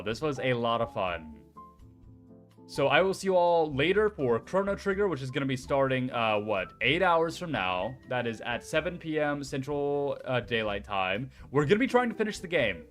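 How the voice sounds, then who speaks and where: Chatty excitable male streamer. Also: a little high. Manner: chatty, excitable, swears casually. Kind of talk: casual chat.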